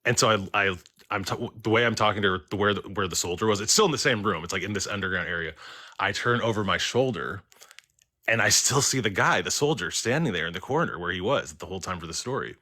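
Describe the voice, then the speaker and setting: Low bright-voiced man rambling through a story. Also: expressive, fast. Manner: rambling, heavy use of "like" and fillers. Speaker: caller. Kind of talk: casual storytelling on a livestream.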